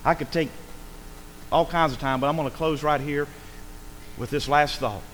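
Man, preacher, sermon, emphatic, slightly high voice, faint background hum. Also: normal speed, low-quality recording. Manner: emphatic, swings between loud calls and hushed lines, asks the congregation for amens.

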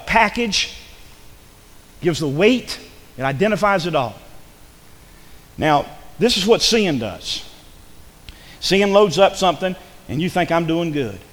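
A man preaching a sermon in church, swinging between loud, emphatic passages and hushed ones. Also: on the high side, big-room sound. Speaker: pastor.

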